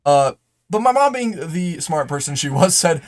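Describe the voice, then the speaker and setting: A young man with a sing-song, slightly high voice talks at a moderate pace as he plays. He's a gaming YouTuber rambling through a personal story, full of fillers and restarts and interrupted by abrupt in-game remarks.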